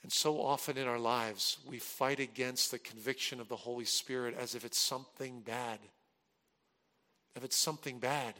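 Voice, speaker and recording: A male pastor with a mid-range voice preaches a sermon and shares a personal story at normal speed, swinging from loud, animated peaks to hushed, earnest moments. The sound has a big-room quality.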